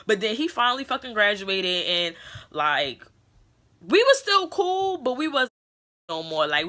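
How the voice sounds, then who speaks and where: A woman's voice: medium pitch, sharp tone. A young adult woman, telling a story in a casual vlog, blunt and profane, acting out what people said. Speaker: beauty vlogger.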